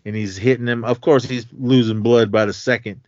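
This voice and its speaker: A man's voice: mid-range voice, fairly even intonation, darkish tone, no room sound. A man co-hosting a podcast, retelling a horror film's plot casually and acting out the characters' lines. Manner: retells scenes with quick acted-out quotes. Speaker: podcast co-host. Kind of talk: casual film recap. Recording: dull dry podcast audio.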